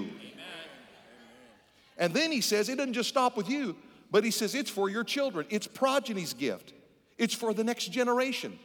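A male pastor preaching a sermon, firing off rhetorical questions and quick asides. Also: high voice, very animated, a bit bright. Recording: long hall reverb.

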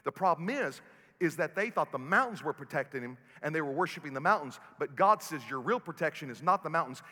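Male pastor, high bright voice, preaching in reverberant church with faint music; surges loud then drops soft. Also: lively intonation, fairly quick. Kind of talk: sermon. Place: church sanctuary.

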